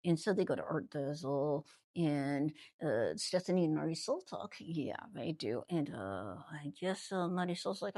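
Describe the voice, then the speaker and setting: A woman hosting a casual reality-TV gossip recap, chatty and animated, often trailing off and restarting her thoughts. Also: low voice, a little slow, no echo. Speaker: ventriloquist host.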